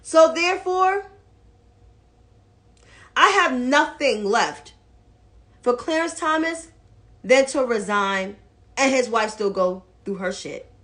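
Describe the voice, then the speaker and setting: A woman delivers casual political commentary at a slow, unhurried pace. Her voice sits fairly high, and her manner is blunt, profane and mocking. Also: animated, fairly bright tone.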